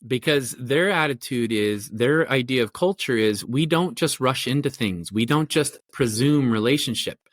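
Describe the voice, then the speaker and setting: A man's voice: mid-range voice, animated, moderate pace, few pauses, dry recording, clean studio sound. A middle-aged man, a family therapist, explaining his ideas in a podcast interview with thoughtful, rambling speech full of fillers and restarts. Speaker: family therapist and parenting coach.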